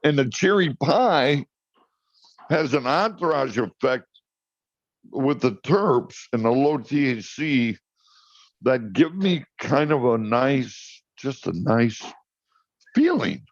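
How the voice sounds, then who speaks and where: A man's voice: medium pitch, animated, takes it slowly, long pauses, dry recording. A man telling rambling, chatty anecdotes as a guest in a casual interview over a video call. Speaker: cannabis farmer guest. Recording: muffled dry online call audio.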